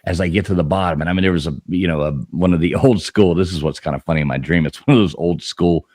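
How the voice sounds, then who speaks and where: A man's voice: low-pitched, quick pace, a little mellow, dry recording, studio quality. A man hosting a live paranormal talk stream, telling stories in a rambling, casual way full of fillers and restarts. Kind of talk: casual chat.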